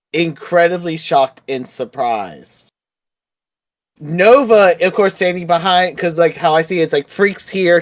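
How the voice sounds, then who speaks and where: A player in a tabletop role-playing game who tells their character's actions in an animated way, using many fillers. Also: mid-range voice. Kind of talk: casual tabletop role-play narration.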